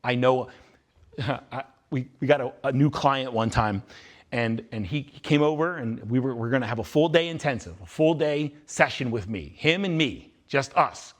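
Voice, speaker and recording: In a large indoor room before a live audience, a man with a mid-range voice speaks at normal speed to students at a youth retreat. He is blunt and intense, repeating his points to stress them during a live motivational talk with Q&A.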